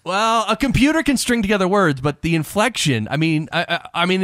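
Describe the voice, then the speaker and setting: A man hosting a podcast interview, chatty and quick to laugh, leaning on fillers as he asks questions and builds on his guest's answers. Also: high-pitched, a bit bright, no room sound, clean studio sound. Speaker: podcast host. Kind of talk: conversational interview.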